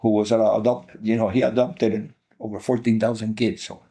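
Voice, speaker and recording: An older man with a Cuban Spanish accent speaks in a mellow, darker tone. He tells his life story earnestly as an interview guest, pressing his points by repeating them. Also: fairly low pitch, level tone, moderate pace. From Cuba. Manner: earnest, emphatic, repeats key phrases.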